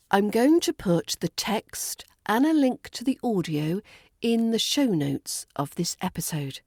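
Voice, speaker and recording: A woman with a British RP accent, teaching pronunciation in a playful podcast lesson and slowly modelling words. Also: medium pitch, darkish tone, no room sound, clean studio sound. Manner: crisp, playful teaching with slow demonstrated words. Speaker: accent coach.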